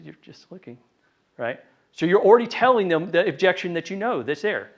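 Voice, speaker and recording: A man giving a live sales training talk to a room, lively and conversational, acting out phone calls in quick voices. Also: high voice. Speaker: real estate sales trainer. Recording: dull lo-fi sound.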